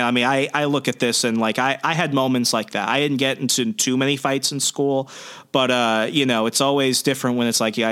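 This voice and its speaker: Male co-host, bright tone, rambling casual recap. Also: medium pitch. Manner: rambling, lots of fillers, earnest. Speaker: podcast co-host.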